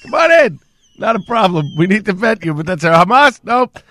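A man's voice: high-pitched, very animated, brisk, bright, forceful tone, no echo, heavily acted. A man voicing a sarcastic male border officer who waves people through in a mocking, over-polite singsong.

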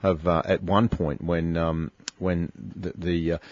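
Deep-voiced man, halting radio host. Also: flat delivery, a little mellow, no echo, dull audio. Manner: halting, many fillers and restarts. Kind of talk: casual radio chat.

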